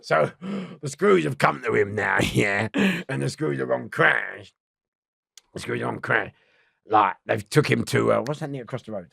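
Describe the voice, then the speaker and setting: A man's voice: medium pitch, lively intonation, normal speed, gravelly, a bit bright, husky, no room sound, clean studio sound. A man telling rambling prison stories as an interview guest, swearing and laughing, often restarting. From London. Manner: swearing, laughing, keeps restarting his story.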